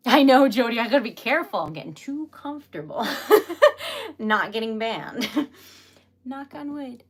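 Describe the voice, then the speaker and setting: A woman's voice: fairly high pitch, animated, normal speed. A young woman chatting casually and giggling often on her own craft livestream, calling herself a really emotional lady. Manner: bubbly, giggly, chatty, self-described emotional. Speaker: livestream host making wax seal crafts.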